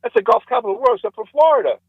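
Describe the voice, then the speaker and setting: A man voicing outraged, golf-mad middle-aged men who sound loud and indignant. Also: high-pitched, sing-song, rapid-fire, dry recording, phone-quality sound, voice pushed up, full character voice.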